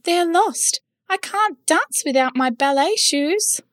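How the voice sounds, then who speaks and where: A woman's voice: expressive, fairly bright tone, no echo, clean studio sound, full character voice. Woman doing a tearful toy ballerina. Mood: distressed. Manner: high, tearful, slow. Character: upset little girl ballerina toy.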